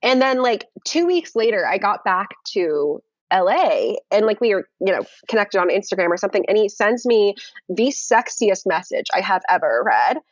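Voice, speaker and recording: A young woman telling a dating story in casual conversation on a video call, animated and full of fillers. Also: medium pitch, normal speed, no room sound, highs cut off. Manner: animated, many fillers and restarts. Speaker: guest.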